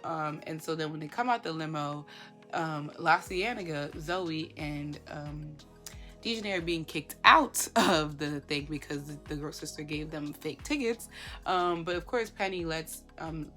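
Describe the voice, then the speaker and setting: A woman giving casual commentary, talking in an animated way with lots of rhetorical questions and fillers. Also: sits low, moderate pace, faint music behind.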